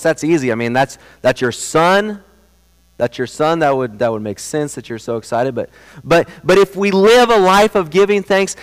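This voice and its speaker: Young guy preaching, earnest, gets animated, smooth voice echoing around a big church hall. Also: mid-range voice. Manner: earnest, builds from quiet storytelling to animated emphasis. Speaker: pastor. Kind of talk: sermon. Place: church sanctuary. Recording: long hall reverb.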